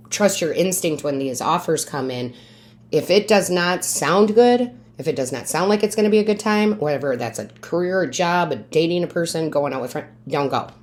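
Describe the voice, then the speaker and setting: A woman with a low voice giving a monthly tarot reading. She coaches her listeners emphatically and keeps checking in with "right?". Now and then she drops into quiet asides, asking the cards for their message. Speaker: tarot reader and medium.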